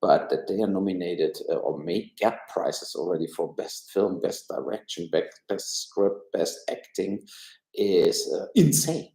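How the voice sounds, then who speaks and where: A man's voice: low-pitched, animated, unhurried, dark tone, roomy sound, poor audio. A man from Germany with a German accent, giving blunt, rambling, opinionated film and politics commentary on a casual live stream from home. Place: room at home.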